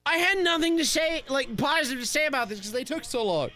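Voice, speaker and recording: A man live streaming, reacting excitably and with lots of swearing, often shouting. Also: very high-pitched, fast. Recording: loud crowd and noise from the broadcast. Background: loud wrestling crowd from the broadcast.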